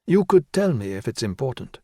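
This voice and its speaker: A man's voice: medium pitch, very animated, brisk, a little mellow, husky, no echo, studio quality. A man voicing a nervous woman psychiatrist in her late forties in an audiobook, speaking hesitantly and carefully.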